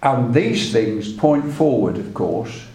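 A man delivers a sermon at an unhurried, deliberate pace, retelling scripture like a story and quoting old verses. His voice sits in a middle register. The recording carries a noticeable room echo. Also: medium pitch, expressive, warm tone. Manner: measured, storytelling, reads old scripture aloud. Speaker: preacher.

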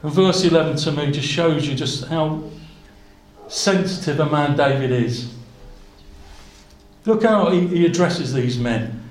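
A man's voice: a little high, measured pace, pauses often, reverberant, low-quality recording. A man preaching a sermon, earnest, quoting scripture in old-fashioned wording and addressing the congregation as brothers and sisters.

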